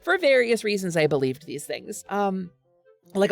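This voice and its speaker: Animated, earnest streamer woman. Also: mid-range voice, normal speed, soft background music. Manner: earnest, animated, laughs often; restarts sentences often. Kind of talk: casual chat with stream viewers.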